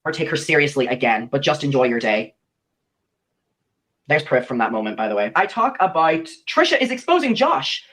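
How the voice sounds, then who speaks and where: A man's voice: mid-range voice, very animated, normal speed, a bit bright. A young man recounting a personal story in a played clip, animatedly acting out the lines of the people he quotes.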